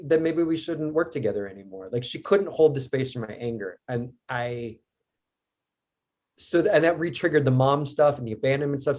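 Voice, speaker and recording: A man's voice: mid-range voice, darkish tone. A man as a podcast guest, speaking candidly and reflectively in casual conversation.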